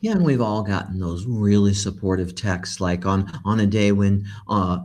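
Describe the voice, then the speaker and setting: A man's voice: on the low side, moderate pace, a little mellow. A man hosting a podcast, talking earnestly in a casual conversation and reading out listener questions. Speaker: podcast host.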